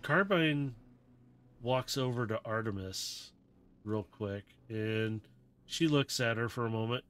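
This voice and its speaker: A man runs a tabletop role-playing game, narrating the scene in a loose, easygoing way. His voice sits at a middle pitch, and faint music plays behind him. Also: takes it slowly, fairly bright tone, clean tone. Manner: casual, loose, with many "kinda". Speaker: game master.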